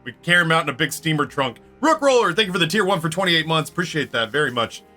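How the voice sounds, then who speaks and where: A man with a bright, fairly high voice spins a rowdy tale while streaming a game. He swears freely and breaks into laughs. Faint music plays behind him. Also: sing-song, fast talker. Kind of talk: casual storytelling during a game stream.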